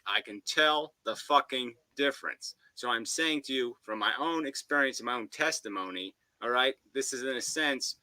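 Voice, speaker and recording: Profane, combative man with a sharp voice. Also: medium pitch, no echo, rough recording. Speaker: commentator reacting to a debate. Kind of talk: ranting philosophical commentary.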